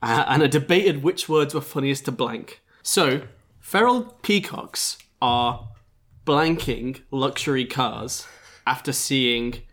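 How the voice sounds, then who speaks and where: A man's voice: medium pitch, fairly bright tone. Joking male podcast co-host. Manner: joking, playful, quick asides. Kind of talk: casual podcast banter.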